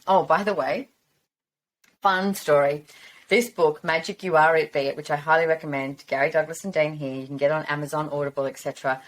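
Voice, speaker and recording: Woman host, low voice, chatty and encouraging, casual rambling monologue. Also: steady tone, brisk. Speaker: podcast host.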